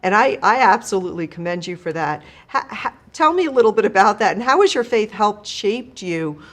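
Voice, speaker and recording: A woman's voice: mid-range voice, lively intonation, fairly quick, fairly bright tone. A woman hosting a podcast interview, asking her guest questions in an encouraging way. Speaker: podcast host.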